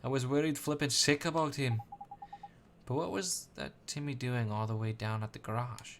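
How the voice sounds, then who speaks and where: A man doing a loud cheeky Welsh fairy. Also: mid-range voice, moderate pace, slight background noise, natural voice. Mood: brash. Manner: brash, shouting, chummy.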